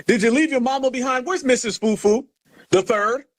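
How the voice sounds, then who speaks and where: An American man hosting a livestream, taunting and mocking a guest in a heated argument. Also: extremely high pitch. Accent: American English. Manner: mocking, taunting, loud and rapid insults. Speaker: livestream host.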